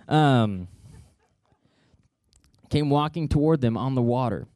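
A man's voice: medium pitch, expressive, slow pace, mellow, no room sound, clean studio sound. A man telling a Bible story to kids in a playful, joking way, adding sound effects and asides.

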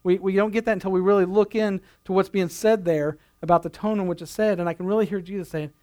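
High-voiced man preaching a sermon. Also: steady tone, fast, few pauses, darkish tone. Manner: earnest, building emphasis, repeats phrases for effect. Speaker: pastor.

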